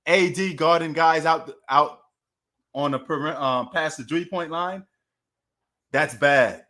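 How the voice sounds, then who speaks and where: A man's voice: a little high, slow pace, bright, forceful tone. A man with a Queens New York accent hosting a casual sports livestream, talking loosely and slangily to his chat.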